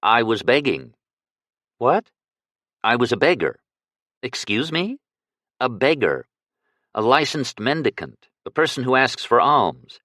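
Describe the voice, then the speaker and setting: A man's voice: medium pitch, sing-song, a little slow, pauses often, bright, forceful tone, dry recording, studio quality, pitched above the performer's own voice, full character voice. A male reader voicing a cautious, plainspoken young man who once lived as a beggar. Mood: plain. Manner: plainspoken, cautious, matter-of-fact.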